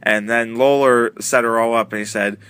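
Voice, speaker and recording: A man's voice: medium pitch, fairly even intonation, moderate pace, a bit bright, smooth, no echo. A man casually recapping a wrestling TV episode, retelling it in a loose, rambling way full of uh and um. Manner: rambling, filler-heavy retelling with many uh and um. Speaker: wrestling show reviewer.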